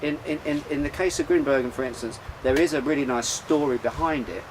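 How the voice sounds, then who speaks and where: A man's voice: medium pitch, brisk, a little hiss or hum, low-quality recording. Rambling chatty man hosting a beer show. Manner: rambling, chatty, many fillers and restarts. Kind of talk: casual chat about beer. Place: outdoors in sunshine.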